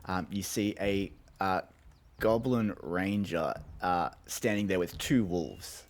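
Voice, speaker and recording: A man running a tabletop game as game master, narrating chattily with many ums and pauses. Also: low-pitched.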